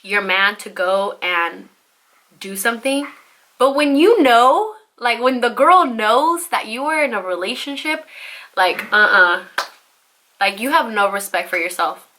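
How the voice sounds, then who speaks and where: A young woman telling a storytime vlog in a chatty, animated way, full of "like" and "you know", and swearing freely. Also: fairly high pitch, measured pace. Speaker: vlogger.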